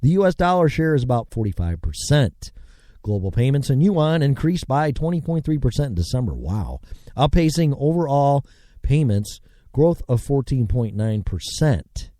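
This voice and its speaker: Guy hosting a talk show, slow reading w dry little jokes, lively pitch, dry close sound. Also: dry recording. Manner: slow, wry asides while reading figures. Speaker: show host. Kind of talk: reading and commenting on news.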